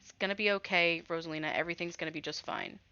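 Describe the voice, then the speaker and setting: A woman voicing a commanding woman who leads a crew, brisk and bossy. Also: on the low side, fairly even intonation, pushed and bright, clean tone, dull audio.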